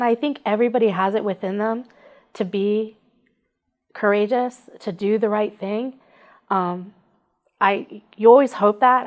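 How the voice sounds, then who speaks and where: Animated woman telling a rescue story. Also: a little high, poor audio. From Nevada. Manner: animated, acts out her own quoted thoughts. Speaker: animal welfare advocate. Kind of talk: conversational interview storytelling.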